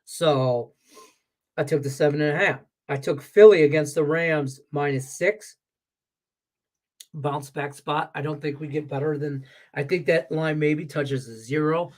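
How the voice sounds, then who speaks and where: A man's voice: fairly high pitch, measured pace. A man on a sports betting show, ranting with profanity and heat, his voice congested from stuffed sinuses. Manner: profane, ranting, heated and animated. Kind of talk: casual sports betting talk show rant. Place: Las Vegas.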